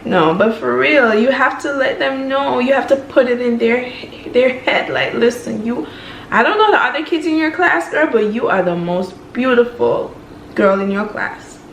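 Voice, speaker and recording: A woman's voice: fairly high pitch, lively intonation, normal speed, a bit bright, a little hiss or hum. A woman with a Jamaican accent hosting a casual reaction video, full of gushing, exclamatory praise. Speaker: host reacting to clips. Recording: echoey room.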